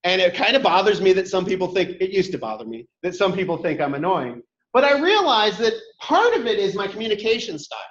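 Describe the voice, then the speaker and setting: A boisterous, loud man instructor giving an online workshop talk, mixing lessons with personal stories. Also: high voice, very animated, fast, hardly any pauses. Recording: echoey room, dull lo-fi sound.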